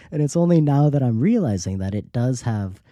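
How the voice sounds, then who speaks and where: A man's voice: medium pitch, normal speed, no room sound. A man hosting a podcast, telling a travel story in a casual way and acting out the people he met. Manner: lively anecdotal storyteller, acts out quoted dialogue. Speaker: podcast host.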